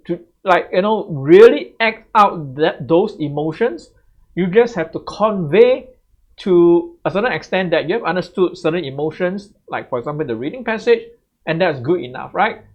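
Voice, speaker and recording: A man giving exam tips as a tutor, in a chatty way that keeps checking back with "right?". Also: high-pitched. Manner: conversational, tags sentences with "right?". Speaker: English tutor. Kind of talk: exam tips lesson to camera. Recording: slightly muffled lo-fi audio.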